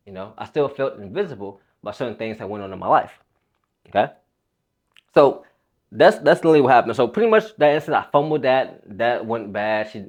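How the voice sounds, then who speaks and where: A young man and fitness coach telling a personal story in a loose, rambling, casual way, swearing freely. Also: mid-range voice.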